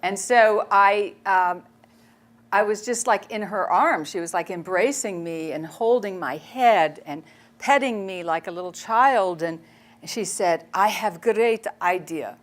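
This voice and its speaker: A woman photojournalist giving a public talk. She tells stories in a chatty, animated way and laughs often. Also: mid-range voice, measured pace. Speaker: speaker, photojournalist.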